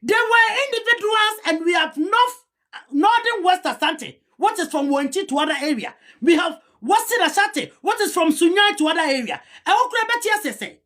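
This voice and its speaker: A woman's voice: extremely high pitch, big pitch swings, moderate pace, fairly bright tone. A woman with a Ghanaian accent giving heated commentary, rebutting a historian and switching between a local language and English. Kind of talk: argumentative commentary.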